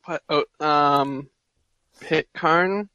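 Podcast cohost guy, kinda high bright voice, dry wisecracks, dull lo-fi mic. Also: drawn-out words, smooth, no echo. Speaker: podcast co-host. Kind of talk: casual chat. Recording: slightly dull lo-fi sound.

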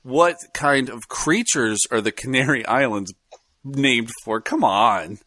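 A man co-hosting a podcast in casual chat, animated and rambling, often laughing. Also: mid-range voice, slow pace, no room sound, studio quality. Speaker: podcast co-host.

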